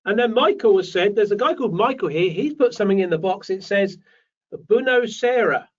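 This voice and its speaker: Fast and animated, with a high, breathy voice, this British host runs a live online property show, reading viewers' names aloud amid webinar chat. A dull, far-off mic captures him.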